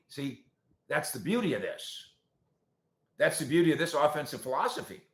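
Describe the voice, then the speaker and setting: A man with a fairly high-pitched voice hosts a sports talk show and replies to viewer comments. He's animated and sarcastic, swinging between loud points and quiet asides, with a roomy echo on the recording.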